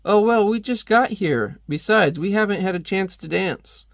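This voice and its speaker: Guy putting on a nervous polite teen girl voice, pitched up a bit, dry sound. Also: expressive, normal speed, gravelly, no echo. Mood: uneasy polite. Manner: nervously deflecting. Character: flustered polite teenage girl.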